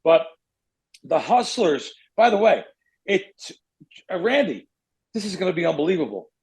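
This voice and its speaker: A middle-aged man with a gravelly, fairly high voice spins a long story as a podcast host. He rambles, stops himself and restarts, and gets animated as he talks. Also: moderate pace, low-quality recording. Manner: rambling, self-correcting, animated. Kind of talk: casual storytelling.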